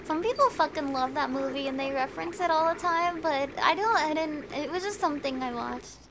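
A woman's voice: high-pitched, fairly quick, background noise. A woman streaming a video game, chatting casually with her viewers, swearing and laughing often. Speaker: VTuber streamer. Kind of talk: casual gameplay commentary.

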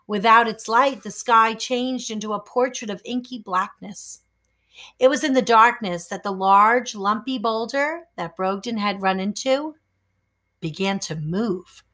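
A woman reading a children's chapter book aloud, expressive and suspenseful. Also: on the high side, measured pace. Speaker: storyteller.

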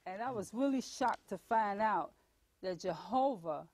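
A woman's voice: medium pitch, animated, measured pace, a little mellow, husky. A woman hosting a religious talk show, chatting earnestly with her guest and laughing easily.

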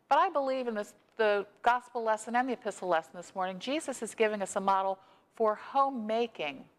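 A woman pastor delivers a sermon, reading scripture and then telling a story in a measured, unhurried way. Her mid-pitched voice carries a long reverb from a church sanctuary. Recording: long echo of a church hall.

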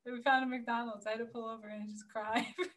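A woman from Florida telling a story in casual podcast chat, animated, filling her talk with "like" and cursing freely. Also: a little high, fast talker, a little hiss or hum. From Florida, USA. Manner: animated, heavy use of "like", swears freely. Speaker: podcast guest.

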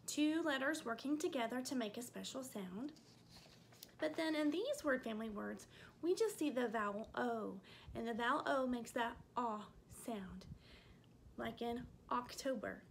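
High-pitched teacher lady going slow for little kids, sounding out letters, faint rumble behind. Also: lively intonation. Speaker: first grade teacher. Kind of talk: remote phonics lesson for children.

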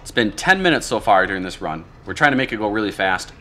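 Low-voiced man calmly commentating gameplay. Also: fast talker, a little hiss or hum. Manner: relaxed, thinking aloud about strategy. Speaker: gamer commentating his own play.

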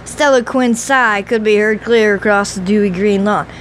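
A woman reading an audiobook novel in a steady, measured storytelling voice. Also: medium pitch, a little hiss or hum, poor audio. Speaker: audiobook reader. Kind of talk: audiobook narration.

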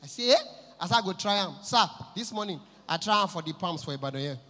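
Bright-voiced Nigerian comedian in a hall. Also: male voice, high voice, fast talker. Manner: animated, switches between voices for characters, bursts into shouts. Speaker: stand-up comedian. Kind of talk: stand-up comedy set in Pidgin English. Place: large live venue with audience. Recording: echoey hall from a live show.

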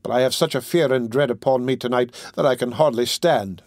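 A man's voice: medium pitch, fairly quick, a little mellow, no room sound, natural voice. Fearful young woman full of dread, read by a male narrator, dry close audiobook sound. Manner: urgent, fearful pleading.

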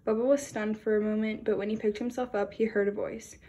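A woman reading a children's picture book aloud in a lively storytelling way. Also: medium pitch, brisk. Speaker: storybook reader. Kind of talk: children's read-aloud narration.

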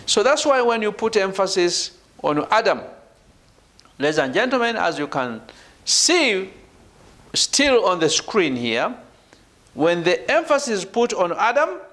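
A man's voice: high-pitched, sing-song, measured pace. A middle-aged male professor giving a university lecture, repeating his points emphatically and checking in with the class as he goes. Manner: repetitive and emphatic, punctuating points with "right?" and "ladies and gentlemen". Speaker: professor leading a doctoral seminar.

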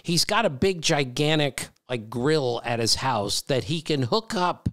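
A man co-hosting a baseball podcast, telling stories in a casual chat and getting animated when he pokes fun at critics. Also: medium pitch, unhurried, no room sound, clean studio sound. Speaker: podcast co-host, baseball broadcaster.

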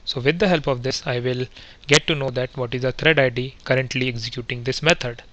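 Guy doing a screen-recorded coding lesson, bright tense voice, lots of uh and restarts, step by step. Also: medium pitch, steady tone, a little fast. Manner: methodical step-by-step, frequent fillers and self-corrections. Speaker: software testing instructor.

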